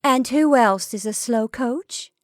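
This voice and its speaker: A teasing young wife with a lilting, sing-song voice that climbs high on every exclamation, as a woman reading the story puts her on. She sounds coy and bright, close and dry on the mic. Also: takes it slowly, dry recording.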